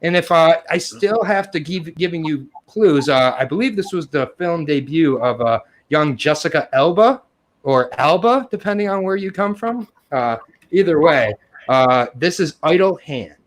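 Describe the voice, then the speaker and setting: A man's voice: a little high, lively intonation, moderate pace. A man in his thirties hosting a casual film chat, rambling with fillers, joking and swearing freely. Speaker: podcast host.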